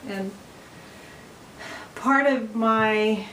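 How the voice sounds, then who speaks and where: A woman's voice: on the high side, drawn-out words, a bit bright, slight background noise, poor audio. A middle-aged woman chatting casually to the camera at home, rambling with frequent ums and restarts. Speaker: vlogger. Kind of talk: casual home video chat. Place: her home, indoors.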